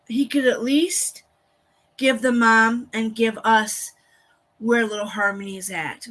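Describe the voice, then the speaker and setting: Slow-talking indignant woman streamer. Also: on the high side, steady tone, a bit bright. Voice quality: blunt and profane, with frequent swearing. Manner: indignant, venting to her chat. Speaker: livestream host. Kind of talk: casual livestream reaction to a court broadcast.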